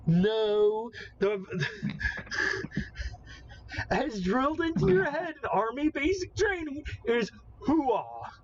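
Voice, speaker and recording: A man co-hosting a podcast in casual chat, excitable and explaining things at length. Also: very high voice, slow, pauses often, lo-fi sound, slight background noise. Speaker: podcast co-host.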